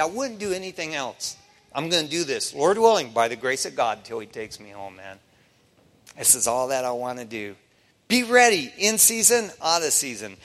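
A man preaching as a pastor in a conversational sermon, folksy, swinging from hushed to loud. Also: sits high, in a large hall. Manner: folksy asides.

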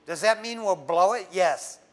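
A middle-aged man preaching a sermon, conversational and emphatic, swinging from fervent prayer to hushed tones. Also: high voice, a little slow. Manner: conversational, says "man" often. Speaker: pastor.

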